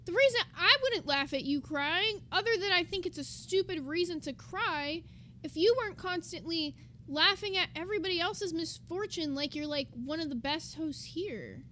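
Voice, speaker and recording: High-voiced woman streamer, blunt and profane. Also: expressive, moderate pace, pushed and bright, a little hiss or hum. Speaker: streamer reacting to a clip. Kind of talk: casual reaction commentary.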